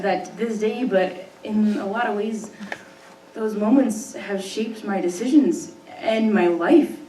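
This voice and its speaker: A woman, a high school English teacher, telling a personal story on stage at a live storytelling event, talking conversationally, laughing often and restarting her sentences. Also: darkish tone. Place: stage in an arts center hall. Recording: roomy hall, distant mic, faint noise.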